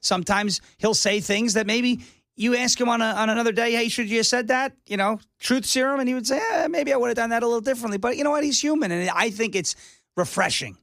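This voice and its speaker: A man appearing as a guest on a talk radio show, speaking in a rambling, excitable way about his comedy work. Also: extremely high pitch, quick pace, vocal fry, dry recording, studio quality. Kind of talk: casual interview chat.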